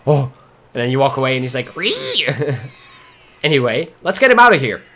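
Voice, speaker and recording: A man giving excitable, casual commentary while streaming a game, often swearing and laughing. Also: medium pitch, fairly quick.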